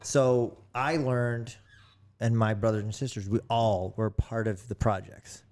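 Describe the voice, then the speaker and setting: A man's voice: fairly low pitch, steady tone, a little slow, darkish tone. A man talking casually as a podcast guest, rambling with many restarts into a studio microphone. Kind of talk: casual chat.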